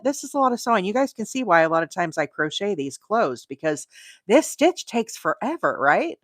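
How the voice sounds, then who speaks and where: A woman's voice: medium pitch, big pitch swings, moderate pace, dry recording, clean studio sound. A woman hosting a crochet livestream, chatting casually, rambling and laughing often. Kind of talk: casual live-stream chat.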